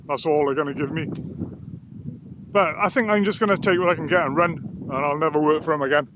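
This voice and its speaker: A man's voice: on the high side, fairly quick, background noise. A man, chatting casually to camera on a walk through an open nature reserve and grumbling a little between remarks. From Wales. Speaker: vlogger and sound therapist. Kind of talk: casual walk-and-talk vlog.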